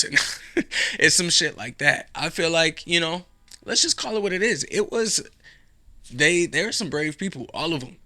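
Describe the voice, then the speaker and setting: A man's voice: fairly high pitch, lively intonation, normal speed, bright, forceful tone. A man hosting his own show, talking alone in a casual, rambling way, sarcastic and dropping into a whisper for effect. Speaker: podcast host. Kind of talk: casual solo commentary.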